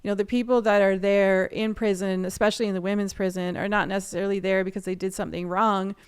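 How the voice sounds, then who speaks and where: Smooth-voiced woman telling her story. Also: medium pitch, quick pace. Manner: animated storyteller, laughs often. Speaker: guest artist and photographer. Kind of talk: casual storytelling interview.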